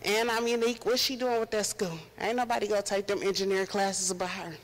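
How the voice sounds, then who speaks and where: A woman's voice: medium pitch, level tone, quick pace. A woman sharing a personal memory at a funeral, acting out the quoted voices as she tells the story.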